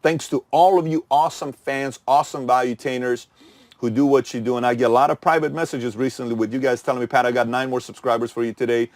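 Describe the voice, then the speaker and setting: A man's voice: mid-range voice, little pitch movement, fast talker, no room sound. A middle-aged man hosting his channel, giving a punchy motivational talk full of rhetorical questions that he answers himself. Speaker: channel host.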